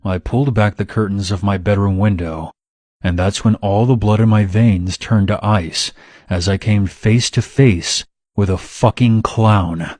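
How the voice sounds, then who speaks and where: Low-voiced man narrating a horror story. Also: a little slow, dry recording. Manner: steady, dramatic first-person retelling.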